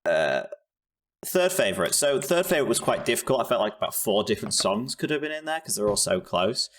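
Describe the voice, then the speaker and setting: A man's voice: medium pitch, big pitch swings, brisk, fairly bright tone, slight background noise. A young man co-hosting a casual album review chat, talking with frequent ums and restarts. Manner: hesitant, lots of ums and restarts. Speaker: podcast co-host reviewing albums.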